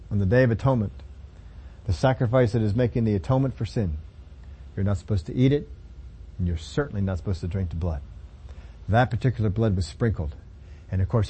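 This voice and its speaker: A man preaching a sermon, emphatic, with sudden loud stressed words between quieter explaining. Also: fairly low pitch, slightly rough.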